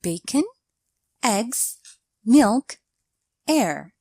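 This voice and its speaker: A woman narrating a scripted English grammar lesson, explaining each point in a deliberate, measured way. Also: fairly high pitch, sing-song, darkish tone, dry recording.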